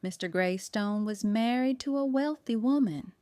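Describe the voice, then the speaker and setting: Woman narrator doing folksy older baker lady, shrewd, slow musing delivery, higher voice, smooth and dry. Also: warm tone, no echo, natural voice.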